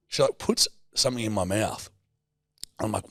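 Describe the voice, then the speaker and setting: Gravelly Australian guy telling a story. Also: lowish voice, moderate pace, no echo, clean studio sound. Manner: animated storytelling, acts out quoted voices, swears freely. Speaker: podcast co-host. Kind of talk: casual chat.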